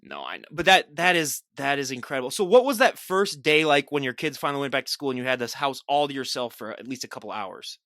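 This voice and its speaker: A man's voice: mid-range voice, fast, few pauses, fairly bright tone, no echo, clean studio sound. A man hosting a podcast, asking questions in a teasing, laughing way. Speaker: podcast host. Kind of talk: casual interview.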